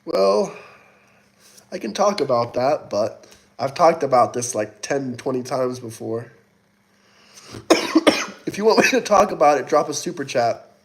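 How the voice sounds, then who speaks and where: A man's voice: medium pitch, animated, measured pace, creaky, pauses often. A man hosting a casual livestream, reading super chats aloud and taunting commenters, coughing now and then. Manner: mocking, taunting. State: sweaty, coughing. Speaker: livestream host.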